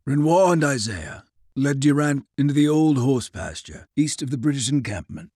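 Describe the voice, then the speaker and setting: A man narrating an audiobook chapter in an expressive storytelling voice. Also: mid-range voice, moderate pace, husky, no room sound, clean studio sound. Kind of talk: scripted narration.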